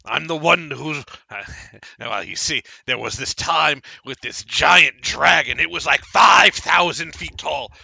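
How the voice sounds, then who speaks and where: A wild-eyed little halfling braggart, put on by a man, raising his voice high and loud as he boasts and stammers. The tone is gravelly and raspy, bright and sharp, and it swoops all over. The sound is dry and close. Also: expressive, a little slow, no room sound, heavily acted. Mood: boastful. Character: boastful, paranoid, excitable male halfling.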